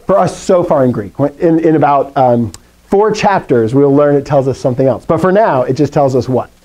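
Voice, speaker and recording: A man teaches a class in a classroom. His voice is mellow and warm, with a pitch in the middle range. He recites drills and then explains things in a loose, chatty way, asking the students questions. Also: expressive, brisk. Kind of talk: classroom lesson.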